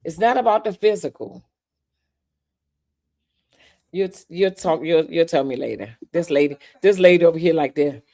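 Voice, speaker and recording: Low-voiced woman hosting a live chat. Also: brisk. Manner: laughing, animated, talks straight to viewers. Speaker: podcast host. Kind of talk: casual live-stream chat.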